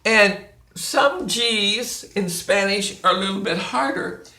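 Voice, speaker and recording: Patient woman teacher, slow and deliberate delivery, lots of room echo. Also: mid-range voice, pushed and bright. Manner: deliberate, drawn-out, demonstrating sounds. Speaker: Spanish teacher. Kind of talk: slow, patient classroom instruction. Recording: echoey room.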